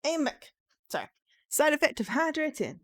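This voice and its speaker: A woman streaming a game playthrough, casual and self-mocking with quick asides, over faint game music. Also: high-pitched, big pitch swings.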